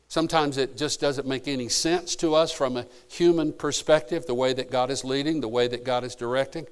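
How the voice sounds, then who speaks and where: A man preaching a sermon, moving from quiet storytelling to emphatic preaching. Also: medium pitch, clean tone. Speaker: pastor.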